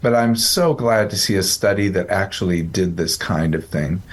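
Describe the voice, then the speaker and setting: A man's voice: sits low, normal speed. A man hosting a casual psychology podcast, explaining a study in a rambling, self-correcting, joking way. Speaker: psychologist host.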